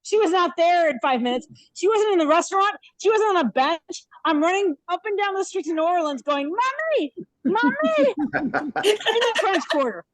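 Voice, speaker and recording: Woman in her fifties, comedian on a video call, high voice, dry close sound, animated storyteller. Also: fairly quick, few pauses, no room sound, poor audio. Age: 50s. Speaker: stand-up comedian. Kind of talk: live virtual stand-up set. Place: hotel room. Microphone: laptop webcam on a video call.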